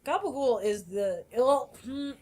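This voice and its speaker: A woman's voice: sits high, animated, unhurried, a little mellow. A young woman from New Jersey telling a rambling, profanity-laced story as she co-hosts a casual podcast chat. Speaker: podcast co-host.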